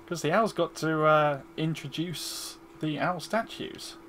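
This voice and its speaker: A man's voice: on the high side, slow pace, a bit bright, slight background noise. Joking man streaming a game. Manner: joking, self-deprecating. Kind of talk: casual game commentary.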